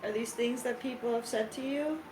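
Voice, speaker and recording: A woman's voice: on the high side, a little fast, darkish tone, soft background music, rough recording. A woman talking playfully as a player at a tabletop game. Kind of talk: casual banter at a tabletop game.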